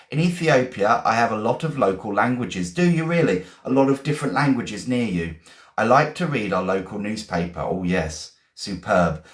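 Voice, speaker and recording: A man teaching vocabulary on a live stream, reading viewers' sentences aloud and praising them. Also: lowish voice. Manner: encouraging, reads out viewers' sentences. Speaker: English teacher. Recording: echoey room.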